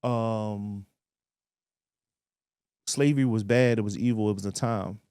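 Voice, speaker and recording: A man's voice: on the low side, measured pace, smooth, no echo, clean studio sound. Man telling stories on a podcast. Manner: storytelling with animated quoted voices. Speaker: podcast co-host. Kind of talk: casual podcast chat.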